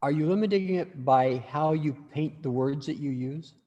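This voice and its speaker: A man's voice: on the high side, normal speed, warm tone, big-room sound, lo-fi sound. A man teaching a class in a casual, rambling way, full of restarts and asides.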